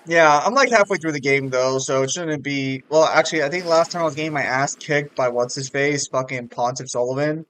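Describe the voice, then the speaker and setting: Excitable, swearing young gamer guy. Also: on the high side, a little fast, few pauses. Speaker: streamer. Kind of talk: casual gaming stream chat.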